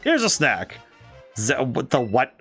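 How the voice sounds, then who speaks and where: A man's voice: mid-range voice, wildly swooping pitch, slow pace, fairly bright tone, husky, faint music behind, full character voice. A man with a dry, cracking throat reading the lines of a folksy old man who hands out snacks, full of homespun, old-fashioned sayings.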